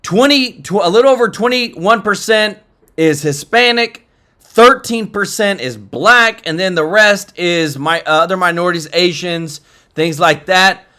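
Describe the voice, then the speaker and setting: A man's voice: high-pitched, a little slow, bright, forceful tone. A young man hosting political reaction commentary, fired up and talking straight to his viewers.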